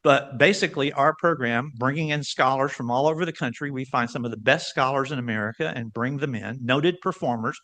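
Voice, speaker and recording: Older male guest speaker, bright and slightly high, animated storyteller at a club meeting. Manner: animated storyteller, varies pitch and pace for emphasis. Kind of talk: lively club talk.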